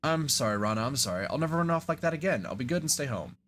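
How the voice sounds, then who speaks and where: A man's voice: mid-range voice, sing-song, fast talker, fairly bright tone, a little hiss or hum. A man reading aloud the lines of a small, frightened, apologetic boy in his own plain voice. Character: small boy, sorry and scared.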